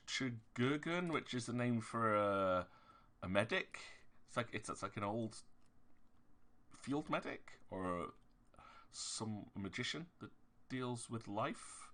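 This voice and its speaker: A man's voice: medium pitch, lively intonation, takes it slowly, long pauses, sharp tone. A man with a Yorkshire accent chatting casually while streaming a game. He rambles, hesitates and corrects himself often, with an exasperated, emphatic edge.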